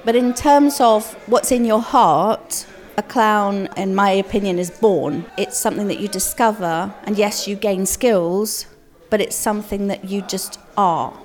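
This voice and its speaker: A woman's voice: mid-range voice, measured pace. A middle-aged woman who works as a clown, answering interview questions earnestly.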